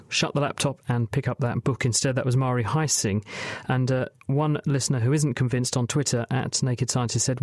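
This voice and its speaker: A man's voice: medium pitch, a little mellow, no echo. A man hosts a science radio show, asking conversational questions and reading listener comments. His voice is recorded dry and close. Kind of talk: interviewing and presenting.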